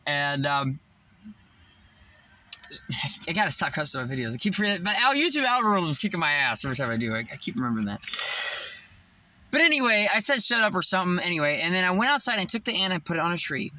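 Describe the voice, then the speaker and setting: An excitable young man rambles through a story while vlogging outside on a handheld phone. His voice sits fairly high and very bright, and he swears freely as he goes. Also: fast talker, pauses often. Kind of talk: casual vlog storytelling. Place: outdoors by a tree near his parked car.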